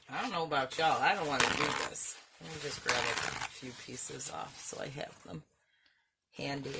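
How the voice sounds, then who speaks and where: Lady doing a craft-along, slow and chatty, bit gravelly, laughs at herself a lot. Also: lowish voice, background noise. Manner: chatty, self-mocking, laughs often. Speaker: craft channel host. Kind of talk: casual craft-along chat.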